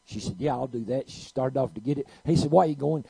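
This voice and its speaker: A man preaching a sermon, telling a story and swinging from quiet to loud. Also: medium pitch, fast talker, gravelly, breathy edge, no echo, low-quality recording.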